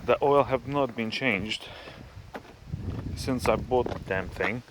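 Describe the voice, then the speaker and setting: A man's voice: medium pitch, slow, noisy background. A man filming a casual do-it-yourself car repair video outdoors, talking in a rambling, jokey way and correcting himself as he goes. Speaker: DIY car vlogger. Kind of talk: casual how-to vlog. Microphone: camera on a tripod.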